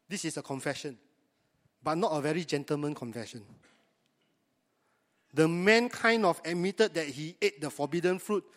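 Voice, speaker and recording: A man's voice: fairly high pitch, normal speed, fairly bright tone, in a large hall. A man, preaching a sermon to his congregation in a conversational way and often asking them rhetorical questions. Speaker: pastor.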